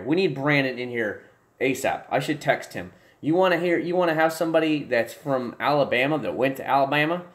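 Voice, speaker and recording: A man's voice: mid-range voice, brisk. Rambling young man chatting on a livestream. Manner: rambling, restarts often, excitable bursts. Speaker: livestream host. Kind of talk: casual livestream chat. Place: home room with desk and gear.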